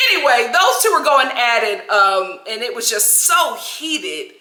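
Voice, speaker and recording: Animated, sassy woman vlogger. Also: a little high, unhurried, echoey room. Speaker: vlogger, TV recap host. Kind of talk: casual reality-TV commentary.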